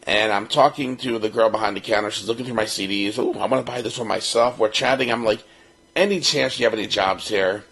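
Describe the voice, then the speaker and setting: A man's voice: lowish voice, a little fast, creaky, breathy edge, rough recording. A man in his fifties from Baltimore, co-hosting a podcast and telling a personal story, acting out what others said. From Baltimore, United States. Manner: lively storyteller who acts out the other people's lines. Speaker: podcast co-host.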